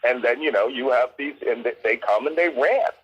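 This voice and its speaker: A man's voice: medium pitch, normal speed, husky, lo-fi sound. A man from Philadelphia, a guest commentator, speaking with emotional passion. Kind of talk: impassioned political commentary.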